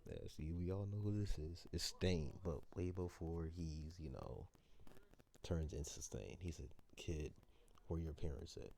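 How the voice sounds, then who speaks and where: Low-voiced man rambling through a fan story. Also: a little slow, vocal fry, dark tone. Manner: rambling, hesitant, with many restarts. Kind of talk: improvised fan story narration.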